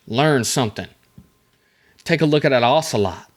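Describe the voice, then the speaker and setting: A man with a mid-range voice talks at a moderate pace while hosting a casual solo podcast. He rambles through his topic, tossing in jokes and poking fun at himself along the way.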